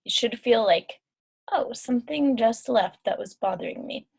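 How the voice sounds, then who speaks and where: A woman's voice: a little high, animated, moderate pace, vocal fry, a little mellow, breathy edge. Chatty woman leading a healing session. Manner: chatty, with many fillers and yawns. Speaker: intuitive healer. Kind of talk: guided energy-clearing session.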